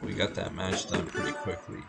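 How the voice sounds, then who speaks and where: A man's voice: low-pitched, flat delivery, fairly quick, gravelly, over loud music. A man hosting a live game stream, chatting casually and greeting viewers by name. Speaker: livestream host. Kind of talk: casual chat while gaming.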